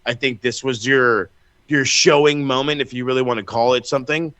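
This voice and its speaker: A man co-hosting a wrestling podcast in casual chat, telling stories in an animated, profane way with lots of restarts. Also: mid-range voice, fairly quick, smooth, no echo. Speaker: podcast co-host.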